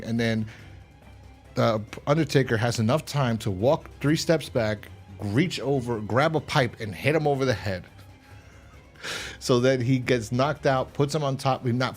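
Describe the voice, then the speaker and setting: A man co-hosting a podcast, casually recapping a horror episode with lots of restarts and sudden loud mock voices. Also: medium pitch. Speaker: podcast co-host.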